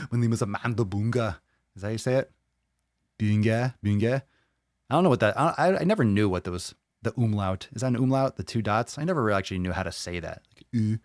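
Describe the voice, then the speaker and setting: A man hosting a live podcast, swearing constantly and ranting loudly between viewer comments. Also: lowish voice, no echo, clean studio sound. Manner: swears constantly, loud and animated; reads viewer comments aloud. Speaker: podcast host. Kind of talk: profane live-stream rant.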